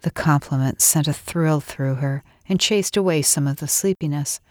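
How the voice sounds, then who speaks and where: Low-voiced woman reading a romance. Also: moderate pace, a little mellow, no echo, clean studio sound. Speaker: audiobook narrator. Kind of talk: scripted narration.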